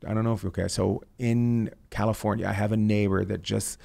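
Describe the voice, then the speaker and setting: A man's voice: lowish voice, level tone, a little fast, gravelly, darkish tone. A man hosting a podcast, telling rambling stories in casual chat and swearing freely. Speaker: podcast host. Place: lives in California.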